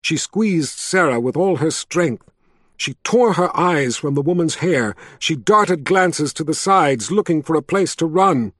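A man narrating a story as an audiobook, with an expressive reading style. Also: a little high, a little slow, no echo, clean studio sound. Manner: expressive, reads all the character voices himself.

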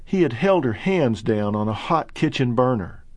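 A middle-aged man narrating his own book in an earnest, measured way that rises sharply when indignant. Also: medium pitch, animated, no echo. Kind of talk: audiobook narration.

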